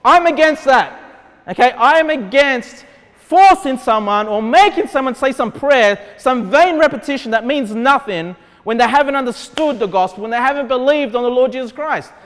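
A man's voice: extremely high pitch, expressive, normal speed, fairly bright tone. A man with an Australian accent preaching a sermon as pastor, conversational and then emphatic. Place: church hall. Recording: long hall reverb.

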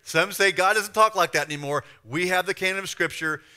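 A man pastor preaching a sermon, emphatic and conversational, swinging from loud stressed points to quiet asides. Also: sits high, brisk, clear, resonant tone.

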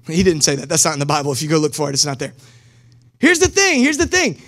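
A man preaching a sermon as pastor in a casual, energetic way, with slang and direct calls to the congregation. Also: high-pitched, fairly quick. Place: church service streamed live.

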